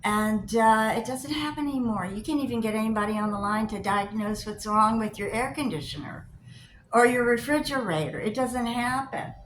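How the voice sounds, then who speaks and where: A woman's voice: fairly high pitch, moderate pace. Older lady ranting on her vlog, acts out her calls, roomy echo, bit of hiss. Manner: animated storyteller, acts out both sides of calls, gets loud when riled. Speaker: vlogger. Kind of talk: casual chat to camera. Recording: echoey room with faint hiss.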